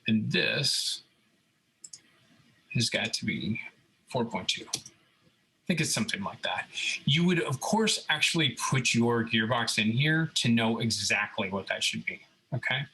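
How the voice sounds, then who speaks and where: A robotics instructor with a creaky, mid-range voice explains a screen-recorded CAD tutorial at a measured pace, pausing often. His relaxed step-by-step delivery is dotted with "okay?" check-ins, and there's slight background noise on poor audio.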